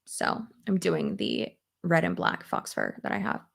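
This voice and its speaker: A woman's voice: rumbling low, wildly swooping pitch, measured pace, gravelly. A young adult woman chatting casually on a live stream while doing her makeup, rambling with lots of fillers and answering viewers' comments.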